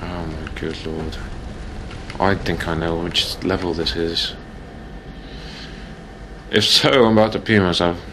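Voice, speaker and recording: A man talks his way through a video game in a loose, rambling, self-mocking way. His voice sits low. A clear background noise runs under the home recording. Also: flat delivery, unhurried, pauses often. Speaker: let's play host. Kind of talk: casual gameplay commentary.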